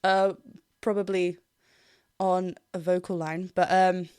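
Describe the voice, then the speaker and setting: A woman vocal coach giving excited reaction commentary, laughing often and singing snippets to show what she hears. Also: lowish voice, takes it slowly, smooth. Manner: animated, laughs often, sings snippets to demonstrate.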